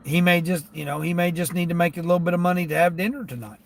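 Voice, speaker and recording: A man who drives for delivery apps, talking casually to his viewers from his car and grumbling as he thinks out loud about the orders he gets. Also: high voice, quick pace, gravelly. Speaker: gig delivery driver vlogger. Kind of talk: casual talk while driving. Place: inside a car.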